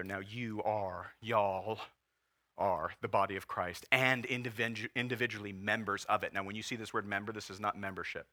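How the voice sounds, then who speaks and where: Bright-voiced earnest pastor in his forties. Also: on the low side, steady tone, moderate pace. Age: 40s. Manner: earnest, emotional, pushing back tears. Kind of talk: sermon. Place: church.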